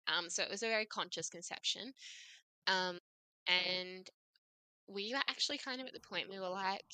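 A woman's voice: mid-range voice, normal speed, bright, forceful tone, clear, resonant tone, dry recording. A young woman in her twenties, a podcast guest telling her story in a chatty way, full of "like" and quoted asides. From Australia. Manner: chatty, frequent "like" and "I was like" quotes. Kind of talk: casual storytelling.

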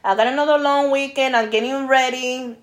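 A woman's voice: sits high, fairly even intonation, a little fast. A woman with a Spanish accent, co-hosting a podcast in casual chat, mixing English and Spanish and laughing often. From New York. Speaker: podcast co-host.

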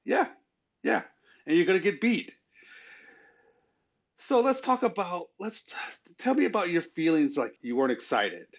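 A man's voice: sits high, sing-song, normal speed, pauses often. A man co-hosting a casual sports podcast, talking conversationally with frequent "you know"s. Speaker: podcast co-host. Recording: slightly muffled lo-fi audio.

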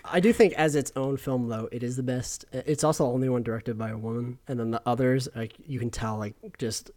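A young man chatting casually, relaxed and wry. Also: mid-range voice, brisk. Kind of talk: casual chat.

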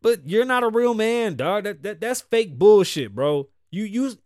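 A middle-aged man hosting a podcast, ranting bluntly with constant cursing, swinging from loud outbursts to low mutters. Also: animated, unhurried, dry recording, studio quality. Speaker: podcast host. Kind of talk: profane opinion rant.

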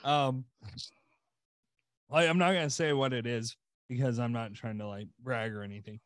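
A man co-hosts a podcast, rambling through a story in casual chat packed with "like" fillers. His medium-pitched voice keeps fairly even intonation at a normal speed, captured with clean studio sound and no room noise.

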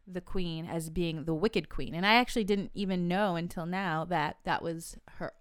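A woman's voice: lowish voice, normal speed, smooth, no room sound, clean studio sound. A woman hosting a podcast, quizzing her co-host with trivia and laughing easily in casual chat.

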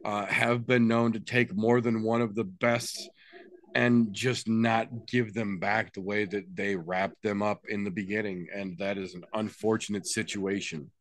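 A man's voice: fairly low pitch, fairly even intonation, measured pace, dry recording. A man hosting a podcast, judging a debate in a playful way with mock-dramatic flourishes. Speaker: podcast host. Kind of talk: casual podcast banter.

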